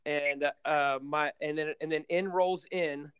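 A man with a smooth, resonant voice pitched a little high tells a long story in a relaxed podcast chat. He rambles and restarts, filling pauses with ums and uhs. The sound is dry and close. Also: no echo. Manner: rambling, many fillers and restarts. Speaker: guest basketball coach. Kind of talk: casual storytelling in a podcast interview.

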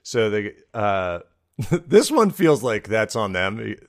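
A man's voice: lowish voice, big pitch swings, slow pace. A man co-hosting a comedy podcast, chatting casually and rambling with frequent laughs. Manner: joking, rambling, laughs often. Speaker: podcast co-host.

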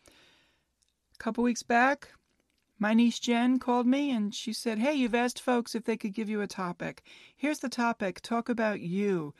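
A woman in her fifties hosts a laid-back solo podcast, chatting away, poking fun at herself and laughing at her own jokes. Her voice is on the high side and unhurried, recorded with studio quality and no room sound.

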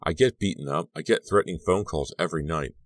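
Man doing an edgy, tired teen with a sarcastic bite, deep voice, dead-dry recording. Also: fast talker, no room sound. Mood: weary. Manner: weary, sarcastic replies. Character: weary, edgy teenage boy, sarcastic. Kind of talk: audiobook character reading.

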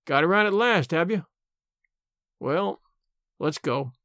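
A man voicing a cool young safecracker who speaks calmly and briefly. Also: on the high side, slow, dry recording, studio quality. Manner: cool, clipped, calm.

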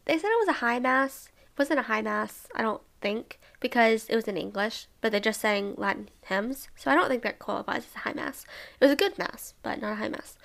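A woman's voice: fairly high pitch, gravelly, a bit bright. A young woman from Alabama chatting casually about a trip with her sisters, bubbly and full of "like" and little laughs. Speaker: travel vlogger. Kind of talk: casual travel recap.

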